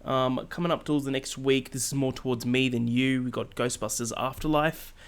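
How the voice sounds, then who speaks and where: Eager, excitable podcast co-host, a man. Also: mid-range voice, fairly quick, slight background noise. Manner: eager and excitable, swears for emphasis. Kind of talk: casual chat.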